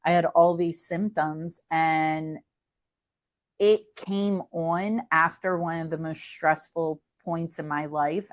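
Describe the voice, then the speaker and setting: A woman hosting a podcast, talking in a heartfelt, animated way in casual chat. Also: deep voice. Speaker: podcast host.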